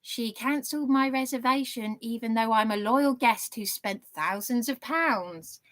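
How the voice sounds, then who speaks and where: A woman's voice: a little high, a little slow, a bit bright. A woman vlogger telling an aggrieved story to her viewers in an indignant, rambling way. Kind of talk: aggrieved monologue to camera.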